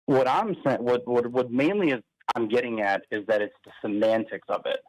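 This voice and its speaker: A man's voice: mid-range voice, fairly quick, no echo. Man, caller, hesitant, defensive, phone line audio. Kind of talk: phone-in argument.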